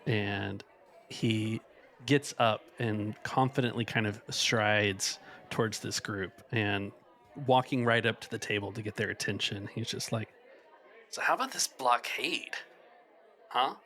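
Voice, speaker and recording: A man playing a tabletop game, describing his character's actions and speaking for him in a friendly, animated way. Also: on the low side, measured pace. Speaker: player.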